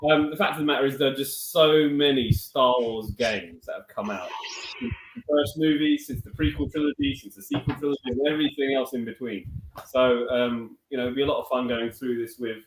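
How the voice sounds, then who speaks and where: A man joins a gaming panel over a video call and laughs a lot. His pitch swings widely as he talks. The audio is roomy, with clear background noise. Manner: laughs often, animated. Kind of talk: casual livestream chat. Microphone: video call mic.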